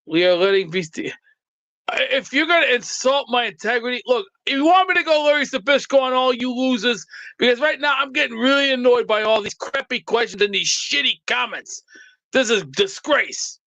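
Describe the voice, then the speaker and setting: A man's voice: extremely high pitch, moderate pace, bright, forceful tone, no echo, lo-fi sound. A man doing a brash mock tough-guy rant, trash-talking and insulting commenters.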